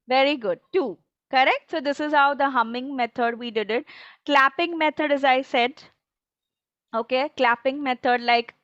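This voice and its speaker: High-voiced encouraging teacher. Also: female voice, a bit bright, dry recording, muffled recording. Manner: patient, encouraging, asks checking questions. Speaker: phonics teacher trainer. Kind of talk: online teacher training.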